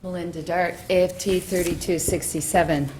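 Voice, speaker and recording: Woman, very low voice, earnest public comment, faint rumble behind. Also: fairly even intonation, moderate pace. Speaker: public speaker at meeting. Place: school board meeting room.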